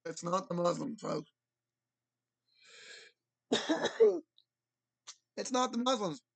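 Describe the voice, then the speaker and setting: A man's voice: high voice, very animated, drawn-out words, gravelly, breathy edge. A man hosting a radio show, talking back to an interview clip in a sarcastic, rambling way. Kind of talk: casual commentary.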